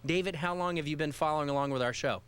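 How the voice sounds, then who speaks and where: A man's voice: a little high, racing, a bit bright, clean tone. A man hosting a live call-in radio show, upbeat and joking as he reads a listener email and talks to a caller. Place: radio studio.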